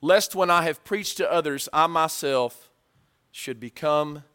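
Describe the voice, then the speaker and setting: A male preacher delivering a sermon, swinging from hushed asides to loud, acted-out story lines. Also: on the high side, a little slow, clean tone.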